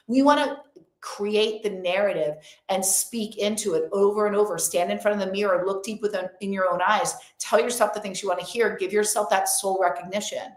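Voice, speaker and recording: A woman's voice: mid-range voice, normal speed. A young woman coaching her audience through a live-streamed motivational talk. She speaks in an emphatic, effusive way and keeps repeating upbeat affirmations. Her voice carries a noticeable roomy echo. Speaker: motivational coach hosting an online event.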